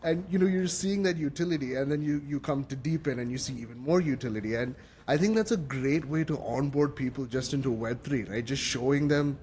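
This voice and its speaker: A man's voice: mid-range voice, fairly quick, few pauses, a little mellow, a little hiss or hum. A man hosting a podcast interview, enthusiastically affirming his guest and ending points with a questioning "right?". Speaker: podcast host. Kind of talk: casual interview chat.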